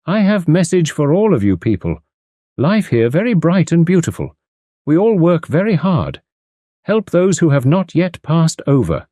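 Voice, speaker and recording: A man reading an audiobook, voicing a séance spirit guide who talks in stilted, halting broken phrases. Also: fairly high pitch, very animated, warm tone, no room sound, clean studio sound, pitched above the performer's own voice. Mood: chanting. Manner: stilted, halting, chanted delivery.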